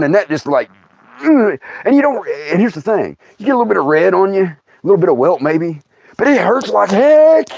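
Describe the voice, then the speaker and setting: A man's voice: a little high, darkish tone, no room sound, lo-fi sound. A middle-aged man telling a comic family story, folksy and laughing often as he acts out his relatives. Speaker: storyteller host.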